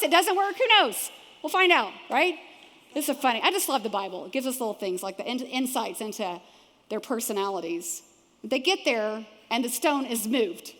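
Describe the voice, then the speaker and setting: High-voiced woman pastor preaching in a large hall. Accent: Texan. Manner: animated, acts out voices of the people in the story. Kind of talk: sermon. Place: large church auditorium. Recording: long hall reverb from a church auditorium.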